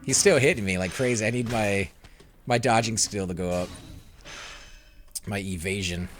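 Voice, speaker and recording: A young man hosting a let's play, commentating his fights and chatting with viewers, growing loud and excited during combat. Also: fairly low pitch, normal speed, long pauses, a little hiss or hum. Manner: excitable, reacts loudly to in-game fights, talks to chat. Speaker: gaming channel host.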